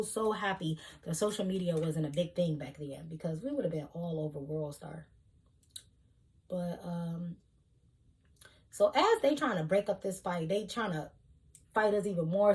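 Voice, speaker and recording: Animated woman. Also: on the low side. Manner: animated, heated retelling with loud bursts. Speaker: vlogger. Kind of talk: storytime vlog.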